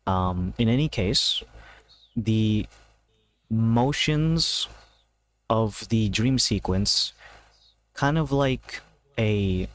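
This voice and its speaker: A man's voice: fairly low pitch, animated, drawn-out words, long pauses. A man narrating a homebrew tabletop game as game master, in a loose, hesitant way with many fillers. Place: home, seated in a gaming chair.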